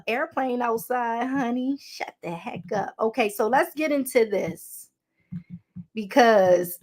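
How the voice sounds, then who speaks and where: Baltimore woman host, fairly high voice, chatty and sassy, reads legal text and trips on words. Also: a bit bright. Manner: chatty and sassy, calls listeners honey, stumbles over words. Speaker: podcast host. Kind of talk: casual commentary, reading a law aloud.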